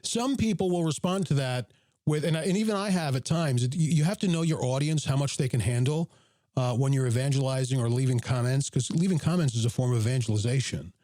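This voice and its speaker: A man's voice: mid-range voice, fast, dark tone, dry recording, clean studio sound. A man hosting a live reaction stream to his own show, reading chat and commenting emphatically with jokey asides.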